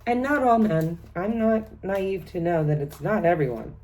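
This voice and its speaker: In this casual tarot vlog, a chatty middle-aged woman reads a spread for viewers at a normal speed, her low voice slightly mellow and animated. She reels off long lists of what each card means, with bursts of laughter in between.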